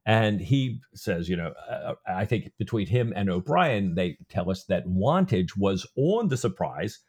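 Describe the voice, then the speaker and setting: A man's voice: lowish voice, sing-song, a little slow, a little mellow, slightly rough. A man co-hosting a podcast, casually retelling and discussing a novel's plot with lots of filler words. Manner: retells scenes loosely with many "you know" fillers. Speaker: podcast co-host.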